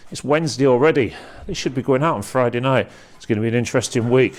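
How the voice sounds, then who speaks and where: Bloke walking round a big workshop, chatty, pointing stuff out. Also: male voice, mid-range voice, quick pace. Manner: chatty, pointing things out on the move. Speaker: auctioneer giving a site tour. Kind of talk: walking tour commentary. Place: large industrial workshop building indoors.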